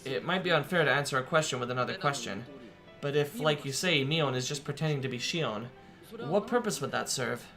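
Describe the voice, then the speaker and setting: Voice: medium pitch, lively intonation, a little fast, hardly any pauses, over music, close to an everyday voice. A streamer reading a hesitant, earnest teenage boy in a near-everyday voice.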